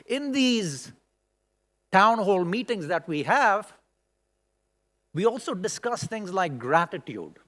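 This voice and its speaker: A middle-aged man giving a conference keynote speech in a large hall, expressive and emotional, with many rhetorical questions. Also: high voice, takes it slowly, long pauses. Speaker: keynote speaker. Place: large hall at a school event.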